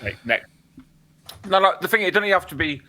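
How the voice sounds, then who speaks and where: A man's voice: high voice, lively intonation, fast, bright, forceful tone. A young man co-hosting a podcast, talking bluntly in casual chat with lots of swearing and filler words. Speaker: podcast co-host.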